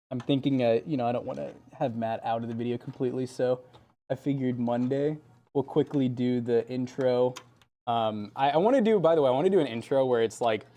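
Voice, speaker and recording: A man's voice: mid-range voice, warm tone. A man in casual chat, joking and planning bits with his co-host.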